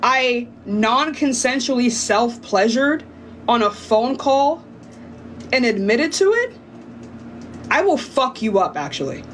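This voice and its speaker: High-pitched female streamer, heated threats, laughing, faint room noise. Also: big pitch swings, slow pace, a bit bright. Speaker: livestreamer. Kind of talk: livestream rant.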